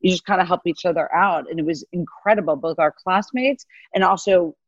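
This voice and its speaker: A middle-aged woman in a casual interview, telling animated stories about her career and acting out the voices of people she quotes. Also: lowish voice, a little fast, no echo, highs cut off. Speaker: guest, venture capitalist. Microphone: video call mic.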